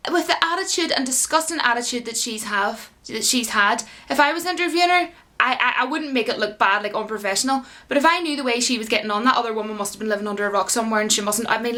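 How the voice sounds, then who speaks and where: A woman ranting in an indignant, animated way to her viewers in a vlog commentary. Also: a little high. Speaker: YouTube commentator.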